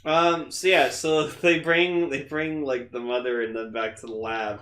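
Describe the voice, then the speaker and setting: A man co-hosting a podcast in casual chat, excited and swearing often. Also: mid-range voice, unhurried, reverberant. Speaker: podcast co-host.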